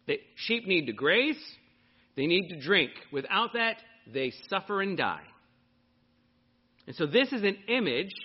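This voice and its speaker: Male pastor, high and animated, sermon to a live congregation, muffled lo-fi sound. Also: husky. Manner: animated preaching, questioning the congregation.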